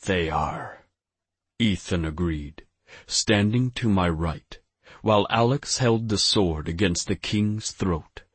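A man narrating an audiobook in the first person with a steady, grave delivery. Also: lowish voice, takes it slowly, husky, no echo.

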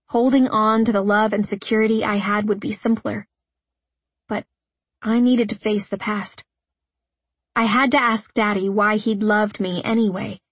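A woman's voice: fairly high pitch, breathy edge, dry recording. A woman reading first-person audiobook narration in an earnest, emotional way, close to the mic.

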